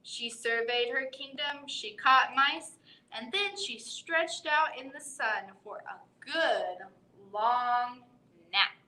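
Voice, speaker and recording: A woman reads a children's bedtime story in a high, bright voice, unhurried and expressive. She drops in playful animal noises as she goes. Her voice rings in a roomy library space. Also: slight background noise. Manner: expressive, voicing animal sounds. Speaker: children's librarian reading aloud. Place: library room.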